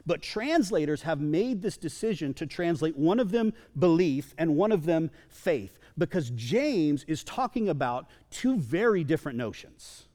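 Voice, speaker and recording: In a church sanctuary, a male pastor delivers a sermon at a measured pace, pausing only a few times, his voice a little high. His manner is lively and chatty as he jokes with the congregation, with the long echo of a big hall around him.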